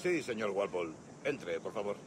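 A man's voice: on the low side, lively intonation, brisk, lightly acted. A man playing a brusque city guard. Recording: loud noisy background.

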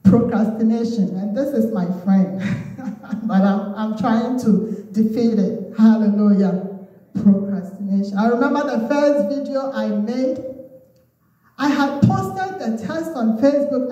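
A Ghanaian woman preaches in a high voice. She stirs her listeners and leans on Amens and Hallelujahs. Her voice rings through a very echoey hall and sounds as if it comes from some way off the mic. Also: a little slow, mellow, dull audio. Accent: Ghanaian English. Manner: exhorting, call-and-response with Amens and Hallelujahs. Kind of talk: sermon. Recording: very echoey room, voice from far off.

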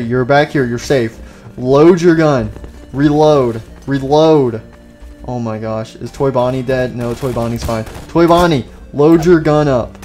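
An excitable young man narrates his gameplay in a loose, joking way, breaking into loud outbursts now and then. His voice sits at an ordinary middle pitch for a man. Game music plays faintly behind him. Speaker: gaming YouTuber. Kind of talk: casual gameplay commentary.

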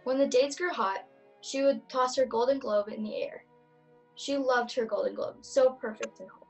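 A witty young woman storyteller, played by a teenage girl in a school play, teasing and dry. Her high voice narrates with care, while faint music plays under it. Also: fairly even intonation, normal speed, recorded from a distance, lightly acted, poor audio. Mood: wry. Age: teens. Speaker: student actor, storyteller.

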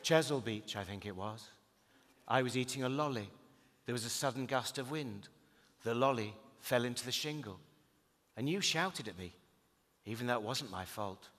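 A man voicing his imagined grown son, a calm, brooding serial killer, in low, flat, menacing tones. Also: moderate pace, pauses often, close to an everyday voice. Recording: long reverb of a hall.

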